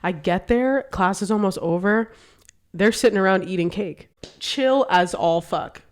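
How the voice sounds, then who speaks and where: A young woman from the United States co-hosting a podcast, chatting casually and telling stories with animated energy and frequent swearing. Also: medium pitch, a little slow. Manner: animated storyteller, swears freely. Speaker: podcast co-host. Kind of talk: casual chat.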